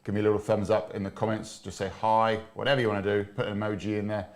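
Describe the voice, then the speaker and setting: An upbeat man co-hosts a live stream, talking casually into a lapel mic. His voice sits fairly low, and he is chatty, often circling back to repeat himself. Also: level tone, quick pace. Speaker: livestream co-host.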